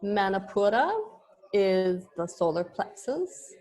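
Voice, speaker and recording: A woman's voice: mid-range voice, expressive, takes it slowly, darkish tone. A woman yoga teacher giving an online lesson, explaining terms patiently with small restarts.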